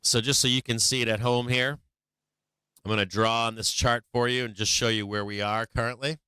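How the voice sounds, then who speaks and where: A man hosting a market live stream, talking through his charts with blunt, profane remarks and frequent restarts. His voice is bright and smooth but wearing thin. It is close-miked and dry, with no room sound. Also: mid-range voice, fairly even intonation, fairly quick, no echo. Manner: blunt, swears, many restarts. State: losing his voice.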